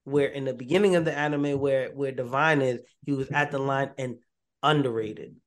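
A man hosting a podcast in casual chat, getting excited and repeating himself as he works out his point. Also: medium pitch, normal speed. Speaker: podcast host.

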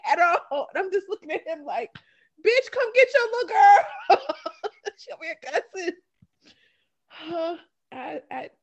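A woman co-hosting a podcast, telling a profane story in casual chat and laughing often. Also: extremely high pitch. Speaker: podcast co-host.

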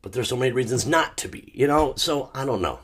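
A man hosting his own podcast, talking in a rambling, emotional way and feeling low, often restarting and sometimes bursting out loudly. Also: expressive, quick pace, husky. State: low and sad. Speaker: podcast host. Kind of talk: casual solo monologue.

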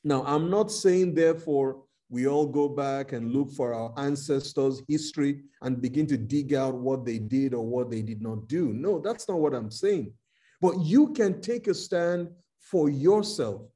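A man with a Nigerian accent preaching a sermon, slow and emphatic, with dramatic retellings. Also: mid-range voice, animated, mellow.

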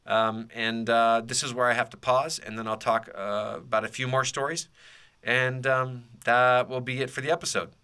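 A man's voice: mid-range voice, steady tone, normal speed, pushed and bright, smooth. A man hosting a podcast, telling a personal story in a casual, rambling way with many fillers and restarts. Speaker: podcast host.

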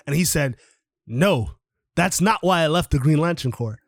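A man hosting a podcast over an online call, casually retelling a comic book plot in an animated way, swearing freely and acting out the characters' lines. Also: a little high, moderate pace, gravelly. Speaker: podcast host.

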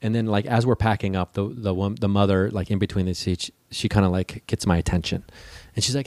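A man with a fairly low voice tells a long personal story in a relaxed chat. He swears freely and acts out the people in his story with lively voices. The sound is close and dry, with no room echo. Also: brisk. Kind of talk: casual storytelling.

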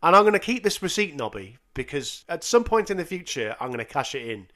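A man co-hosting a casual music podcast, animated and often laughing, reading quotes aloud with sarcastic asides. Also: a little high, a little fast. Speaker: podcast co-host.

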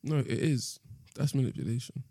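A man's voice: medium pitch, expressive, moderate pace, vocal fry, mellow. A man in casual chat, earnestly arguing his point. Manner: earnest, insistent, argues point by point.

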